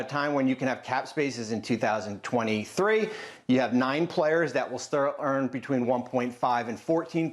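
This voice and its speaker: Matter-of-fact male basketball analyst. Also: fairly high pitch. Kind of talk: analytical studio commentary. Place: TV studio.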